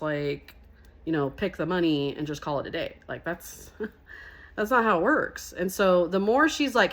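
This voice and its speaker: A young woman telling a story in a casual vlog, animated and sassy, laughing often between lines. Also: medium pitch. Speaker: vlogger.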